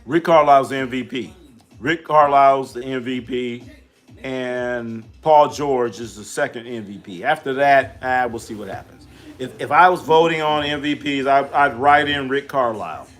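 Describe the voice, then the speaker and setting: A man's voice: medium pitch, moderate pace, a bit bright. A middle-aged man hosting a casual live stream, trash-talking, repeating himself and answering chat questions aloud.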